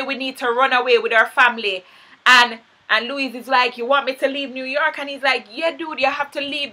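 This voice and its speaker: A woman's voice: high voice, bright, forceful tone. A young woman casually recapping a TV episode, blunt and profane, acting out the characters' lines as she retells the story. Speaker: TV recap vlogger.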